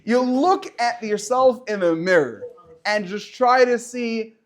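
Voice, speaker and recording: A middle-aged man, a rabbi giving an informal weekly talk to high school students, animated, with joking asides and many restarts. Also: slow.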